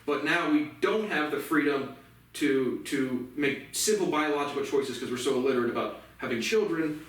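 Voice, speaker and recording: A man's voice: fairly high pitch, lively intonation, normal speed, fairly bright tone. A man from the United States ranting alone in an angry, profane and rambling way. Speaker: vlogger. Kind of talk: solo ranting monologue. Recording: very echoey room, mic far off.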